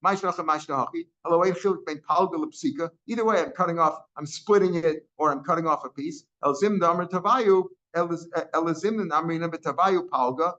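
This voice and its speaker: A man with a fairly high, sharp voice speaks briskly with hardly any pauses as he teaches a daily Talmud class. He explains each line in English sprinkled with Aramaic and Hebrew terms, often repeating and restarting phrases. The recording is dull and lo-fi.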